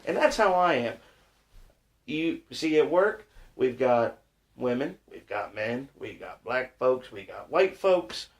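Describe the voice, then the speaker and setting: A man's voice: mid-range voice, lively intonation, slow pace. A man talking in casual podcast chat, plain-spoken and earnest. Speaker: podcast guest.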